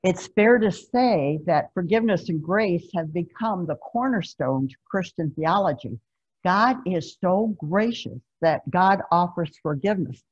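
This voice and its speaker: A woman's voice: lowish voice, a little mellow, husky. A woman pastor preaching a sermon in a conversational, emphatic storytelling way, over a video call. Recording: dull lo-fi video-call recording.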